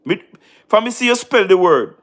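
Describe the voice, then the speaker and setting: A man's voice: sits high, very animated, moderate pace, fairly bright tone. Tired Jamaican man chatting on a stream. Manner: repeats phrases, mixes in patois, talks to chatters by name. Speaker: live-stream host. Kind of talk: casual live-stream chat.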